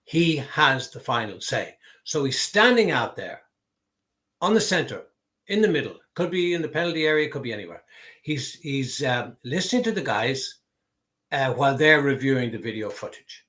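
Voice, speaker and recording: A man's voice: medium pitch, very animated, moderate pace, sharp tone. A man giving an emphatic, explanatory solo talk on football refereeing, repeating key words for stress. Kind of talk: solo opinion talk to camera.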